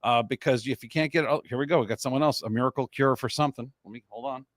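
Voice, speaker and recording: A middle-aged man hosting a casual live-stream chat, telling stories in a chatty, animated way. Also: medium pitch, dry recording. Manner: chatty storyteller, quick and animated. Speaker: host.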